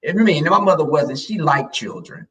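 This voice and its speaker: A man's voice: on the high side, moderate pace, recorded from a distance, rough recording. A man telling family stories in casual chat, blunt and slangy, acting out the voices of the people he quotes. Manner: animated, acts out quoted voices.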